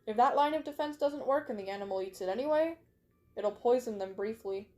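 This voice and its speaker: A woman's voice: a little high, brisk, dark tone, faint music behind, lightly acted. A woman reading the lines of a bookish male wolf who knows plants, in a matter-of-fact way, close to her own voice. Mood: lecturing.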